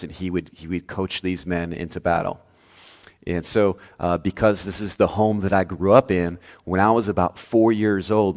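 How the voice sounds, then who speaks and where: A male pastor preaching a sermon, telling a story with lively swings between loud, emphatic lines and hushed, soft ones. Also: sits low, big-room sound.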